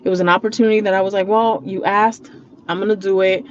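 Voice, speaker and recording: A woman's voice: medium pitch, fairly even intonation, fast talker, highs cut off, a little hiss or hum. Tearful woman in a car vlog. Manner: candid, emotional, swears freely, quotes others with "I was like". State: holding back tears. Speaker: vlogger. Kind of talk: casual car vlog, talking to viewers. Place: parked car.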